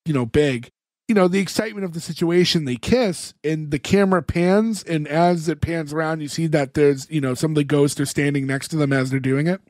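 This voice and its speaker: Recapping a TV episode in loose podcast chat, this male co-host rambles, leans on plenty of fillers, and performs the characters' dialogue himself. His voice is on the high side with a darkish tone, recorded dry and clean in a studio.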